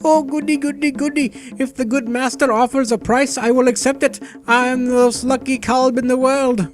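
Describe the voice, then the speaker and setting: A man voicing an overeager, groveling male meat merchant in a fantasy game, gushing with flattery and alliteration. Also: very high voice, normal speed, soft background music, pitched above the performer's own voice. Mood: fawning. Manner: fawning, gushing alliteration, squealing delight.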